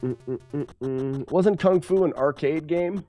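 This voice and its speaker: A man's voice: a little high, takes it slowly, mellow, faint music behind. Rambling male game streamer. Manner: rambling explanations with many fillers. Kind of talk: casual gameplay commentary.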